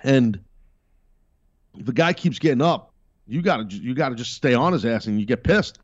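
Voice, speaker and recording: A man's voice: mid-range voice, animated, normal speed, dry recording, lo-fi sound. A middle-aged man hosting a podcast, giving blunt, emphatic wrestling commentary with profane, sarcastic asides. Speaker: podcast host.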